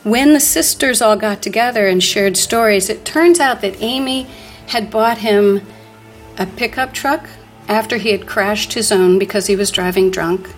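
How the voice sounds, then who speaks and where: An earnest woman tells a grave personal story at an ordinary middle pitch. Her voice goes soft and nearly whispered at times. A faint trace of music sits underneath. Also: moderate pace. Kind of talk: personal storytelling before an audience.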